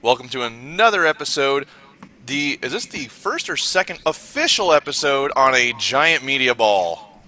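A man's voice: medium pitch, expressive, normal speed, sharp tone. A man co-hosting a podcast in casual chat, joking and playful. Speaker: podcast co-host.

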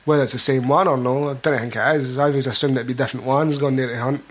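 A man's voice: medium pitch, fast talker, husky. A young Scottish man talking casually and swearing about a film. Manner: sweary, relaxed banter.

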